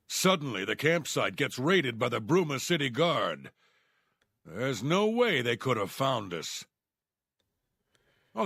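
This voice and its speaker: A man's voice: medium pitch, bright, forceful tone, breathy edge, no room sound, studio quality, heavily acted. An actor voicing a bitter, jailed male thief who plots revenge, in a resentful, conspiratorial tone, from a fantasy video game. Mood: vengeful.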